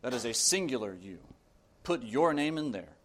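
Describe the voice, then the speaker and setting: A man delivers a sermon with earnest emphasis. He reads scripture slowly and drives his points home with repeated phrases. His voice sits at an everyday middle pitch. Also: big pitch swings, a little hiss or hum. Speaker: preacher.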